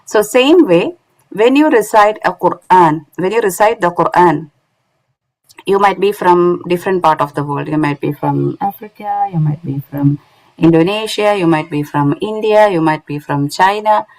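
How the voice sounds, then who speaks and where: A woman's voice: fairly low pitch, normal speed, darkish tone, poor audio. A woman teaching Quran recitation online in English with a non-native accent, explaining step by step and often checking with "isn't it?". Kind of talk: online lesson.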